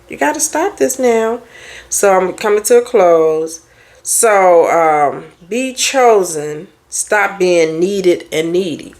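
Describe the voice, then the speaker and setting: A middle-aged woman therapist and life coach, giving blunt, preachy motivational advice in a casual talk. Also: on the low side. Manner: blunt, animated, preachy advice with mimicked quotes.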